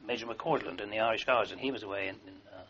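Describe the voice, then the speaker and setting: A man's voice: fairly low pitch, racing, fairly bright tone. An older man, an army veteran, telling long wartime anecdotes in a rambling way with fillers and restarts, in a dull lo-fi recording. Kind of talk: oral history recollection.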